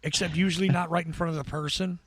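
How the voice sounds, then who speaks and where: An American man with a raspy, buzzing voice sits in on a podcast, pitched somewhat high for a man. He rambles and pokes fun at himself, stumbling over restarts. The sound is dry and close. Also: flat delivery, fast, fairly bright tone, no echo. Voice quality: gravelly, buzzing voice. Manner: rambling, self-deprecating, with stammered restarts. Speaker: podcast guest. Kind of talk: casual chat.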